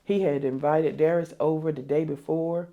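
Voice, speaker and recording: Gravelly older woman, halting. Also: sits low, steady tone, narrow, tinny audio. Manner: halting, repeats herself, quotes others aloud. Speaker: interview guest. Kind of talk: emotional interview.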